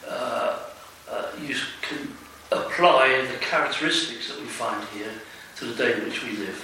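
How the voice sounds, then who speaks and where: Halting man with a bright voice, echoey room. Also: mid-range voice. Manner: halting and hesitant, with many "uh"s. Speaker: Bible study participant. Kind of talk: Bible study discussion. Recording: echoey room, distant mic, faint hiss.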